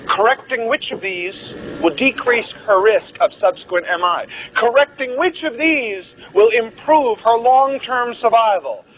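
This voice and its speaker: A man's voice: very high voice, expressive, unhurried, hardly any pauses, a bit bright, a little hiss or hum, rough recording. A man giving a live medical lecture, joking and theatrical as he quizzes the class.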